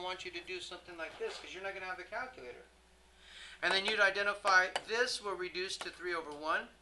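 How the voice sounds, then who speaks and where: Heard through poor audio with a little background noise, a math teacher gives a classroom lesson in a voice that's notably bright and crisp at a middling pitch. They regularly check on the students, toss them questions, and fix their own slips as they go.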